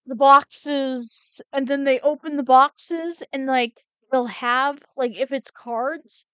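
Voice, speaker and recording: Woman co-host, casual chat, slow and slightly high, crisp close mic. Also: no echo. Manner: relaxed, chatty, lots of "like" and "mm-hmm". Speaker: podcast co-host.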